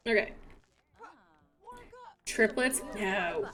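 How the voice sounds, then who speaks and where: A young woman chatting casually while playing a life-simulation game, apologetic, playful and quick to laugh. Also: mid-range voice, fairly bright tone. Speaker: gaming streamer.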